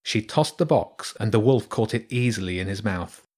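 A man reading a children's storybook aloud in a steady, measured way. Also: fairly low pitch, husky. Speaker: narrator.

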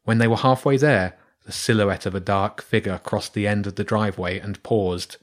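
A man reading a children's storybook aloud in a steady, measured way. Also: fairly low pitch. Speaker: narrator.

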